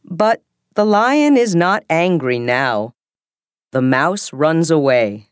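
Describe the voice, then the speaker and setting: A woman narrating a simple story for English learners in a clear, deliberate way, with every phrase set apart. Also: low voice, lively intonation, no room sound, studio quality.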